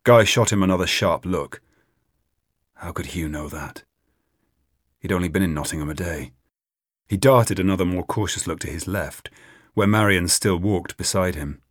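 A man narrating an audiobook in an expressive reading. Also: low-pitched, moderate pace, long pauses, no room sound, studio quality. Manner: expressive, voices many characters.

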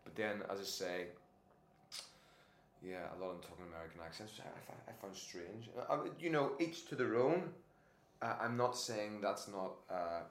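A man, an actor and podcast guest, telling casual anecdotes in an animated way, laughing often and restarting his sentences. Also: on the low side, moderate pace. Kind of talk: casual anecdotal interview chat. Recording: echoey room with faint noise.

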